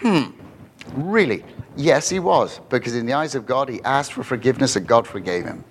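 A man preaching a lively expository sermon to a congregation, often asking them questions. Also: medium pitch, moderate pace, slight background noise, low-quality recording.

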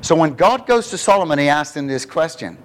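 A man preaching a lively expository sermon to a congregation, often asking them questions. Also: on the high side, a little fast, low-quality recording.

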